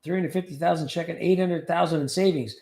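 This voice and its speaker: Man, livestream host, high voice, joking, reading chat, echoey room. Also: fairly even intonation, fast talker, gravelly, darkish tone. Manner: joking, rambling, reads comments aloud. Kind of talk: casual chat reading viewer comments.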